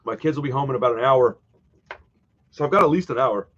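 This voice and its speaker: A man's voice: medium pitch, lively intonation, quick pace, dull audio. A man hosting a horror live stream, chatting casually and wandering off topic from home. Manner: rambling, easily sidetracked, chatty.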